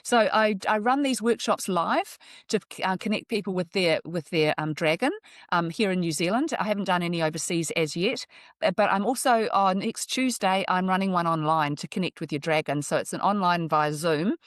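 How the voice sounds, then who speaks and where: A woman's voice: lowish voice, moderate pace, no echo, clean studio sound. Earnest, chatty middle-aged woman astrologer. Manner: earnest, chatty, laughs between thoughts. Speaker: astrologer and workshop leader. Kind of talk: relaxed interview talk. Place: New Zealand.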